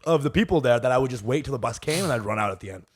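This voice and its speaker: A man's voice: medium pitch, expressive, rapid-fire. A man co-hosting a comedy podcast, telling crude stories in a rambling, restart-filled way. He grew up in Texas. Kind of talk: casual comedic podcast banter.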